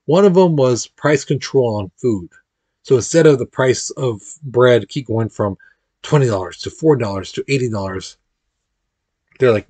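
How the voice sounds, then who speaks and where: A man gives a relaxed history lecture, talking casually and slipping into playful voices when he quotes people. His voice sits in a middle range and the recording is close and dry, with no room echo. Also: medium pitch, normal speed, slightly rough. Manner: informal, chatty, acts out quotes with playful voices. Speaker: history teacher.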